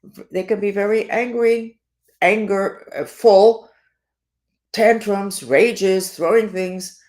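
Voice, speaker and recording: A woman presenting weekly horoscopes in an unscripted monologue, animated and emphatic, swinging between loud stresses and quiet asides. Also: fairly low pitch.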